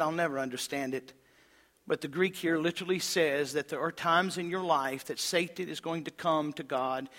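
Male pastor, fairly high bright voice, fervent sermon delivery that drops to hushed tones. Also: long reverb tail. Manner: impassioned preaching, swings from loud emphasis to hushed low tones.

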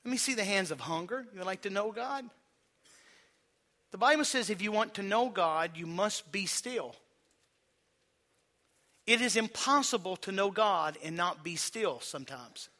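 A male pastor delivers a sermon in a high, bright voice. He draws the congregation into call-and-response and has them repeat lines back. He slows down for quiet stretches, then builds to loud, forceful emphasis. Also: lively intonation.

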